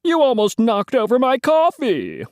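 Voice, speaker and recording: A woman's voice: on the high side, huge pitch swings, drawn-out words, a little mellow, no room sound, studio quality, voice pushed up, exaggerated voice. A woman voicing a grumpy male reporter in a children's storybook read-aloud, blustery and complaining. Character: grumpy male reporter who loves coffee.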